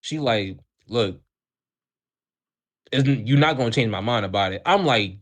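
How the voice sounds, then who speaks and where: A young man spinning a school story for his podcast co-hosts. His mid-range voice swings widely in pitch as he acts out everyone involved. His talk is loose, slangy and full of swearing. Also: a little slow, pauses often. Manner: animated, acts out quoted voices, heavy profanity and slang. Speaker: podcast co-host. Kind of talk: casual storytelling.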